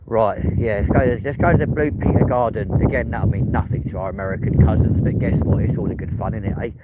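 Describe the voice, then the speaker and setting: Cheeky bloke livestreaming outdoors, sweary banter, tinny phone sound, loud wind and street noise. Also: male voice, lowish voice, quick pace. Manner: cheeky, banter-heavy, swears, answers chat. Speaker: livestream host. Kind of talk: live walking vlog chat. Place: outdoors on windy city streets at night.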